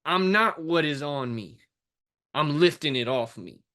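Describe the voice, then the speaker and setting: A man's voice: fairly high pitch, animated, measured pace, sharp tone. A man who coaches fitness and life, talking intensely and emotionally in a podcast conversation, with blunt street phrasing and the odd swear word.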